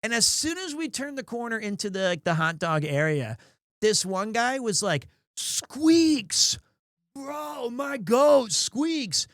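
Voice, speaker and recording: A man's voice: sits high, lively intonation, normal speed, a bit bright, smooth, dry recording, clean studio sound. A young man streaming live, telling a rambling story with lots of restarts and chatting with viewers. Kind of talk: casual livestream chat.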